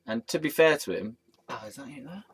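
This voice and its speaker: A man's voice: medium pitch, expressive, a little fast, slightly rough. A tired man rambling casually and self-deprecatingly to a statue while he films. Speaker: vlogger.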